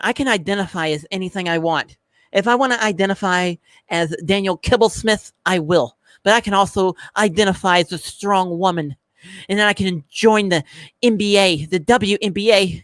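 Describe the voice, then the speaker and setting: A man's voice: sits high, a bit bright, no room sound. A man hosting a livestream, reading chat in a blunt, profane, joking way. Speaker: livestream host.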